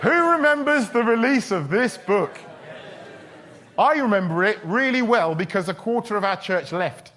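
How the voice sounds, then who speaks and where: A man's voice: sits high, expressive, normal speed, fairly bright tone. A man preaching a sermon in a chatty, humorous storytelling way. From England. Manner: chatty, humorous, with quoted voices.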